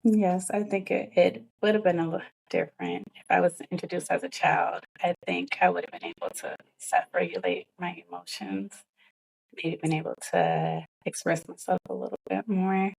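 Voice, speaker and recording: A woman's voice: fairly low pitch, steady tone, normal speed, gravelly, darkish tone, slightly rough, rough recording. A woman who teaches yoga to children, answering interview questions earnestly and laughing easily.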